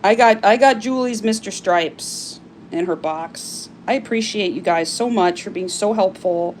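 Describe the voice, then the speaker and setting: A woman's voice: mid-range voice, a little slow, a little hiss or hum. Chatty woman selling live on stream. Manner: chatty, gushing and animated, with frequent fillers. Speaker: live-stream seller of crystal carvings. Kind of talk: casual live-stream sales chat.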